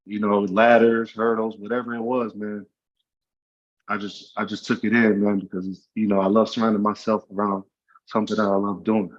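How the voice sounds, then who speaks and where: A man's voice: fairly low pitch, little pitch movement, normal speed, lo-fi sound. A man telling his life story as an interview guest, speaking earnestly and from the heart, with many "you know" fillers. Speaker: guest, former college football player and youth trainer. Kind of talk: casual interview.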